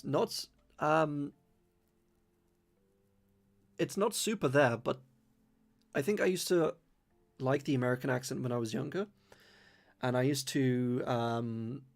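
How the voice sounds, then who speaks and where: A young man from London whose accent blends London speech with a slight Irish twang, chatting casually on a live-stream Q&A and rambling with many fillers. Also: mid-range voice. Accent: London mixed with slight Irish twang. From London, England. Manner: careful enunciation. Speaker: streamer answering viewer questions.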